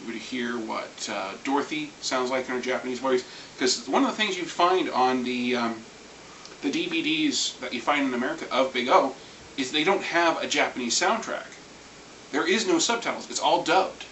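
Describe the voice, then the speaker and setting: A man ranting casually about anime, rambling and animated, swearing now and then. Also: mid-range voice, normal speed. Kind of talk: casual rant. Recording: echoey room, far from mic, faint hiss.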